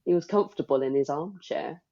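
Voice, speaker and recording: A woman's voice: sits low, a little fast, warm tone, muffled recording. A woman co-hosting a book club podcast, chatting casually with wry, playful asides. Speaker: podcast co-host.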